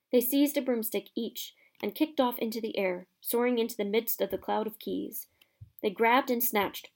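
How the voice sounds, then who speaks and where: A woman narrating a children's fantasy novel aloud with expressive, lively storytelling. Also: on the high side.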